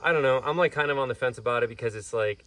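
A man's voice: mid-range voice, very fast, recorded from a distance. A young man who keeps an animal sanctuary, chatting casually in a vlog and rambling with lots of fillers, recorded outdoors. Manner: relaxed, rambling with many fillers.

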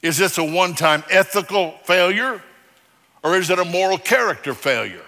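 A male pastor preaching a sermon, emphatic and direct, moving between loud declarations and quiet, low passages. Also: animated, normal speed, in a large hall. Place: church sanctuary.

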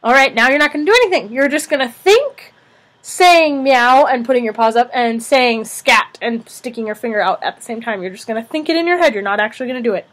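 A young woman with a high, light voice tells a farm story to young children. She speaks as a music teacher in a virtual lesson, gentle and expressive, often pausing to check in.

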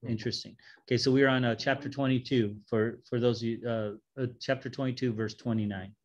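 A man's voice: medium pitch, steady tone, a little fast, highs cut off. A man teaching a Bible study, reading scripture aloud and stopping to joke and explain it in a casual way.

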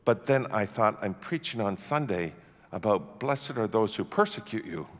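A man from Canada preaching a sermon as pastor, emphatic and swinging from hushed tones to shouting. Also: fairly low pitch, expressive, normal speed. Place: church sanctuary. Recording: long church-hall reverb.

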